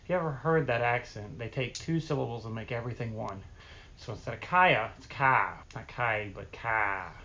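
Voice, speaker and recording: A man's voice: medium pitch, fast talker, highs cut off, a little hiss or hum. A man chatting casually to camera as a vlogger, telling rambling stories about himself in a chatty way. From Appalachia, East Tennessee.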